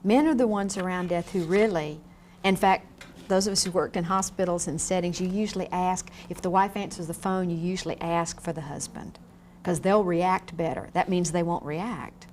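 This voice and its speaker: A woman lecturing a class on grief in a frank, lively way, often asking the room questions. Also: fairly low pitch, moderate pace, hardly any pauses, slight background noise. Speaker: grief educator. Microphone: on camera, room mic.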